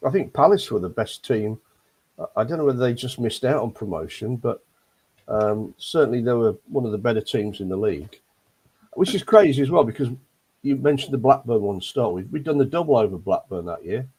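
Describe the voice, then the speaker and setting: A man's voice: mid-range voice, expressive, fairly quick, darkish tone, slightly rough. An older man from Leicester, grumbling his way through a rambling casual chat about football on a fan panel. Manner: grumbling, rambling with many ums.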